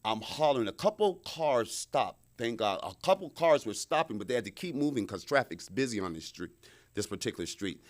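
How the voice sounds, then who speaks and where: A man's voice: medium pitch, big pitch swings, brisk. A man giving an earnest, emphatic talk about a personal experience, acting out his own pleading words, recorded in a media studio. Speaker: lecture speaker. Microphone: studio microphone.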